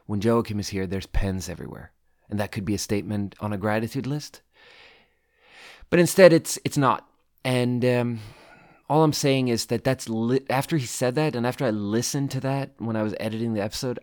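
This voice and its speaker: A man's voice: mid-range voice, dry recording, clean studio sound. A man hosting a podcast and telling a story in casual chat. He laughs often, acts out what others said, and swears freely. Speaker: podcast host.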